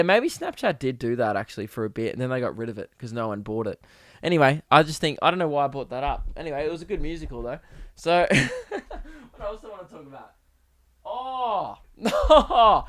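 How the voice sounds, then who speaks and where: Rambling young man, smooth voice, podcast monologue. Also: a little high, no echo, clean studio sound. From Australia. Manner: rambling, animated, swears freely. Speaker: podcast host. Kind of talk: casual comedic monologue. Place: home podcast setup.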